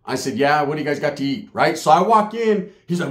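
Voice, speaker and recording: A man's voice: high voice, animated, fast, few pauses. A man telling a comedic, profane story, acting out voices as he goes. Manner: profane, streetwise, acts out voices. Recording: echoey room.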